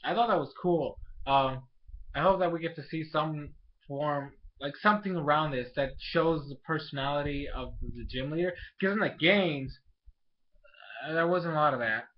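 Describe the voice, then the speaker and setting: A man's voice: fairly high pitch, moderate pace. A young man talking through a casual video review of a cartoon episode, rambling and full of fillers. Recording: dull lo-fi home recording.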